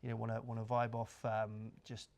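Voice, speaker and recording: A man hosting an interview, asking his guest steady, encouraging questions at a live event in an office. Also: fairly low pitch, normal speed, vocal fry. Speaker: host, founder of the training course. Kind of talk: interview host.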